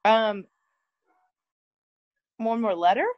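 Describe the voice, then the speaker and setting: A young woman from North Carolina, a stand-up comedian guest, telling jokey stories in animated chat. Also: on the high side, very slow, lo-fi sound. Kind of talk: casual chat.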